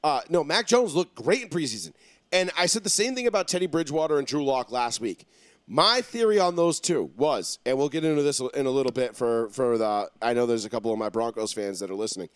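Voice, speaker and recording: A man's voice: a little high, smooth, dry recording. Profane, rambling New man. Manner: rambling, profane, self-assured. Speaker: podcast host. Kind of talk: casual sports talk.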